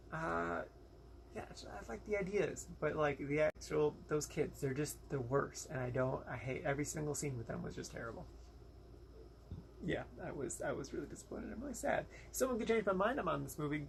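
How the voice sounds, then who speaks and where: A man's voice: a little high, vocal fry, slight background noise. A young American man giving a casual, rambling movie review, frank and exasperated, with lots of fillers and quoted asides. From United States.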